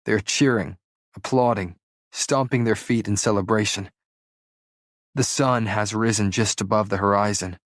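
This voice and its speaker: A man with a fairly low voice narrates an audiobook in the first person. His reading is dramatic and urgent, and he voices the dialogue with feeling. The sound is dry and close. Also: a little slow, no echo.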